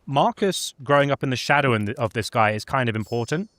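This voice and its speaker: A man's voice: mid-range voice, animated, quick pace, fairly bright tone, no room sound. A man casually recapping a video game's story in a chatty way, with many fillers. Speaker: gaming lore presenter. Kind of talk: casual lore recap chat.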